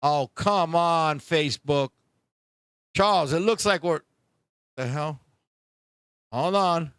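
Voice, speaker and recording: A man hosting a casual live-streamed talk show, telling stories in an animated, profane way with frequent laughs. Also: fairly high pitch, slow pace, clean tone.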